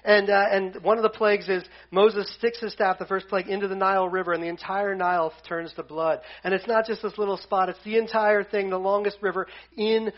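A man's voice: high-pitched, flat delivery, brisk, few pauses. A man teaching a casual Bible lesson to a group. He jokes as he goes and retells scripture in slang. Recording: dull lo-fi sound.

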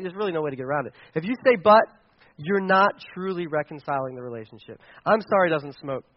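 A man preaching a sermon, animated and asking the audience questions. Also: extremely high pitch, no echo, lo-fi sound. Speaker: pastor.

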